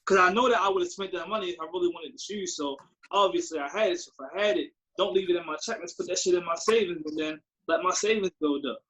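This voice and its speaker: A man's voice: sits high, fast, bright, forceful tone, low-quality recording. A young man co-hosting a podcast, agreeable and easygoing, explaining his points in slang. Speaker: podcast co-host. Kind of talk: casual chat.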